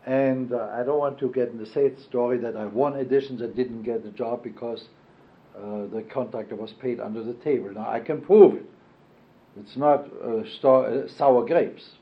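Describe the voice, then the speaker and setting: An older man telling his memories in an oral history interview, at a middle pitch and a halting pace full of fillers and restarts. The audio is dull and lo-fi, like an old archival tape. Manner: halting, many fillers and self-corrections.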